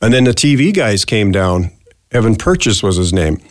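A man in his sixties, a retired news anchor, telling lively anecdotes as a studio interview guest. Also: lowish voice, normal speed, dry recording. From Canada. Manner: chatty, animated anecdotes, acts out quotes. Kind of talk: relaxed storytelling in a studio interview. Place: podcast studio.

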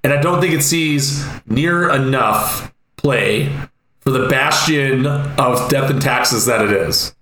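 Bright-voiced man co-hosting in an echoey room. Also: medium pitch, takes it slowly. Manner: rambling, repeats himself, laughs easily. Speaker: podcast co-host. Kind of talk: casual chat about a card game. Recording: echoey room with faint ambient noise.

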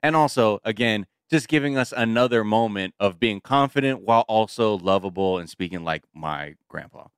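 A man's voice: on the low side, animated, normal speed, hardly any pauses, clean tone, dry recording, studio quality. A man co-hosting a podcast, chatting casually and riffing with enthusiasm. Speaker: podcast co-host. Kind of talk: casual chat.

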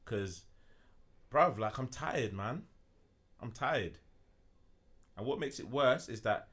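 A man's voice: medium pitch, expressive, slow, a bit bright. A young man co-hosting a casual podcast, earnest and easygoing, full of slang. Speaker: podcast co-host and producer.

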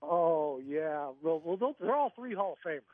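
A man's voice: on the high side, expressive, moderate pace. A man, an author and radio guest, telling a story animatedly and acting out other people's lines. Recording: tinny phone line, dry.

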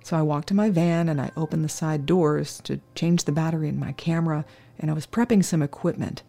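A crime scene worker recounts a true crime story in the first person, measured and solemn. The voice is mid-range, steady, gravelly, and warm, with soft music playing in the background.

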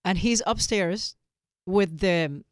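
Animated woman telling teasing stories. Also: lowish voice, takes it slowly, no room sound, clean studio sound. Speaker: podcast co-host. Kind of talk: casual chat.

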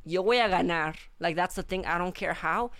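A woman's voice: fairly low pitch, moderate pace, a bit bright. A young woman from Michoacán with a Mexican accent, chatting casually between English and Spanish, joking and tough-talking.

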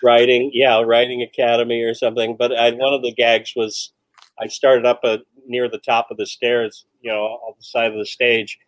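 A man chatting as a guest, recalling stories in a halting, hesitant way. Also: medium pitch, completely flat delivery, no echo. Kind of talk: casual chat.

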